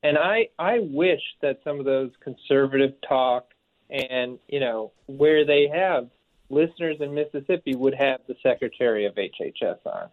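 A man talking on live radio, measured and thoughtful. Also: medium pitch. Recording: tinny phone-like line.

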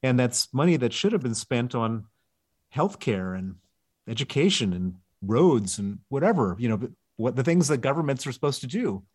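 A man answers questions as a guest author in an interview. He explains emphatically and leans hard on his key words. His voice sits at an ordinary middle pitch. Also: sing-song, moderate pace, a little mellow, husky.

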